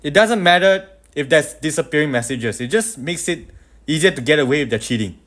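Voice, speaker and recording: A man with a slightly high voice comments calmly, weighing his points in a relaxed, conversational way. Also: brisk. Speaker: commentator reacting to a clip. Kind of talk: casual reaction commentary.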